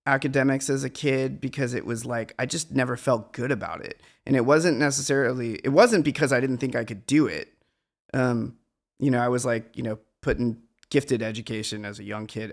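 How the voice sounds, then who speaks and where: Gravelly-voiced man musing aloud. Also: medium pitch. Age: middle-aged. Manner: meandering, reflective, self-deprecating. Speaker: guest musician. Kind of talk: casual conversation.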